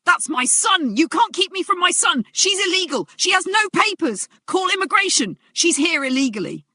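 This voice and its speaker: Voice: mid-range voice, lively intonation, normal speed, vocal fry, dry recording, studio quality. A narrator voicing a drunk, raging young man who slurs and shrieks his threats, in a narrated drama story. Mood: screaming rage.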